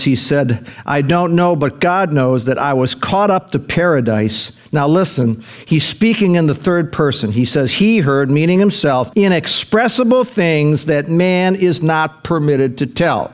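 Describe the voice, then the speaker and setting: A man's voice: a little high, lively intonation, measured pace, hardly any pauses. A male pastor delivering a sermon, reading scripture with folksy asides and bursts of rising emphasis.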